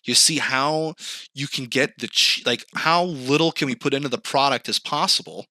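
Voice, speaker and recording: A young man, a podcast host, chatting casually and telling an animated story, acting out quotes, swearing and laughing along. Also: medium pitch, moderate pace, no echo. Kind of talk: casual chat.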